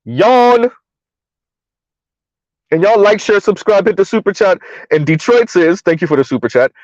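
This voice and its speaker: A man's voice: high-pitched, animated, brisk, darkish tone, no room sound, dull audio. A man hosting a live stream in casual commentary, mocking and sarcastic as he answers his chat.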